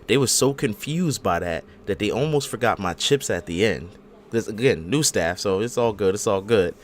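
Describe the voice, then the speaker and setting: A man with a lowish voice hosts a casual gaming podcast, telling stories in a relaxed, slangy way. Faint noise hums behind him. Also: normal speed. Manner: laid-back storytelling, slangy. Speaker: podcast host.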